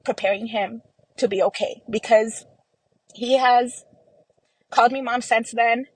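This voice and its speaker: A woman's voice: a little high, steady tone, a little slow, husky, no room sound, rough recording. A young woman from Texas, a podcast guest, tells a painful family story in a close-mic interview, acting out what people said with many "like"s. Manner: recounts events by acting out quoted dialogue, many fillers. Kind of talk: emotional personal storytelling.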